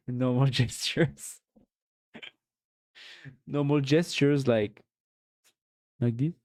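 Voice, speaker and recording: A man's voice: mid-range voice, drawn-out words, darkish tone. A man with a French accent chatting casually on a live stream, rambling and reading chat aloud; French is his first language. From France.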